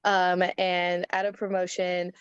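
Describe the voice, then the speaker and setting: A woman's voice: on the low side, completely flat delivery, a little slow, smooth, dry recording, dull audio. A young woman telling a story in an interview, chatty, laughing often and acting out quotes. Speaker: wrestler interview guest.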